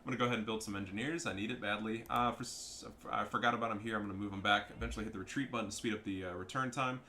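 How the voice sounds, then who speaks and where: A young man giving casual, profane, excitable commentary over his own strategy game match. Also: fairly low pitch, racing, slight background noise. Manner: profane, excitable, trash-talking. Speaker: gameplay commentator.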